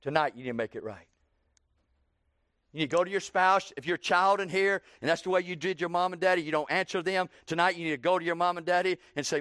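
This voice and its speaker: A man in his sixties preaching a sermon, slowing down for emphasis and breaking into loud acted quotes. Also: high voice, no echo, studio quality.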